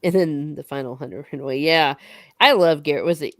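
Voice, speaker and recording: A woman's voice: deep voice, a little fast, no room sound, clean studio sound. A woman hosting a casual book discussion, recapping the plot in a chatty way and swearing now and then.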